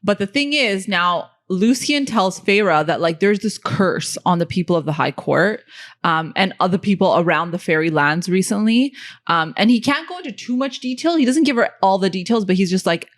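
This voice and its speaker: A woman's voice: medium pitch, expressive, moderate pace. A woman co-hosting a podcast in casual chat, explaining the background of a story step by step and checking in with "okay?". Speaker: podcast co-host.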